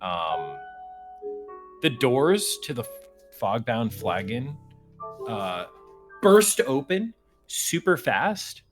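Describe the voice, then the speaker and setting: A man runs a tabletop fantasy game as game master, narrating in a relaxed, rambling way. He talks slowly, with soft music playing faintly behind him. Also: mid-range voice. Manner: laid-back, laughing, rambling narration.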